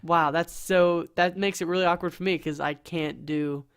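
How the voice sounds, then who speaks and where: A podcast host acting as game master improvises a story on a casual podcast, rambling and correcting himself and getting flustered easily. His voice is fairly high and clean-toned, with fairly even intonation and a moderate pace.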